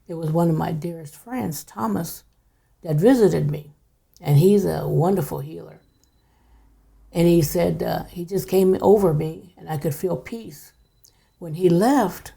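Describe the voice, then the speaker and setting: Older woman, low pitch, dark gravelly tone, hushed storytelling, podcast guest. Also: a little slow. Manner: hushed, drops to near whisper at times. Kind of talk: casual storytelling.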